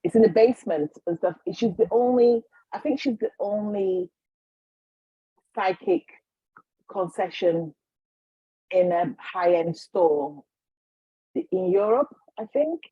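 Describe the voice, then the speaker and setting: Woman guest, storyteller who acts out the people she quotes, husky voice, dry slightly dull recording. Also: mid-range voice, lively intonation, takes it slowly, long pauses, dry recording. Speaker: guest, healer and psychic. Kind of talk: storytelling in a casual interview.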